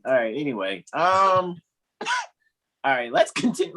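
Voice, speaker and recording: A man's voice: medium pitch, wildly swooping pitch, measured pace, pauses often, bright, forceful tone. A man hosting a casual group video call, joking around, laughing often and drifting into rambling asides. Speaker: host.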